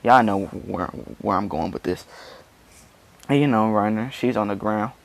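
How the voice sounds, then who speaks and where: A man's voice: lowish voice, unhurried. A man casually retelling a fan story, rambling and padding it with constant fillers. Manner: rambling, full of "you know" fillers.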